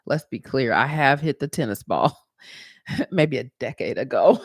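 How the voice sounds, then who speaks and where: Lively, low-voiced woman sharing a story. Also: measured pace, slightly rough, no room sound, clean studio sound. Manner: animated storytelling, voice jumps high when retelling her own thoughts. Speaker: podcast host. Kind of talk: casual motivational monologue.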